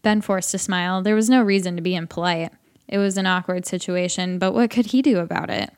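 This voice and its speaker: Deadpan woman audiobook narrator. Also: fairly low pitch, brisk. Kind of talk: audiobook narration of a comic short story.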